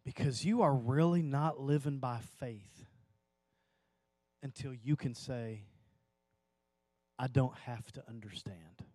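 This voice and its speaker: A man preaching a sermon to a church audience, telling a personal story that swells into impassioned pleading and drops to hushed, slow emphasis. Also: mid-range voice, no room sound. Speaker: pastor.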